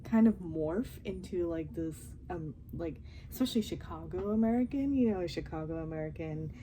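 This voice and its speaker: A young woman chatting casually and softly at home as she reacts to a TV show, often giggling. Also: on the low side, moderate pace, a little hiss or hum, low-quality recording. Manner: talking softly and quietly, giggly. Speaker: reaction vlogger. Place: home while family sleeps.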